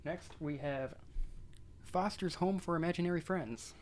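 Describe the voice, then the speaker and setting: A man's voice: fairly high pitch, measured pace, a little mellow, a little hiss or hum. A young man co-hosting a podcast, talking in a laid-back, rambling way with lots of filler words and casual swearing. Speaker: podcast co-host. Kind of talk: casual chat.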